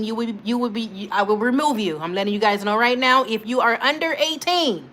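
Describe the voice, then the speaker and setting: Bright-voiced woman chatting on a livestream. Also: a little high, a little fast, few pauses. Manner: chatty, laughs often, talks back to chat. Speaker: livestream host. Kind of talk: casual livestream chat reading comments.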